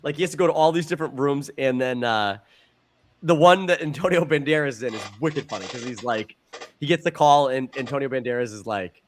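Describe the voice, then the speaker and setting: A man co-hosting a podcast, telling stories in a profane, animated way and stumbling over repeated words. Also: medium pitch, a little fast. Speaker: podcast co-host. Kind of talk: casual podcast chat.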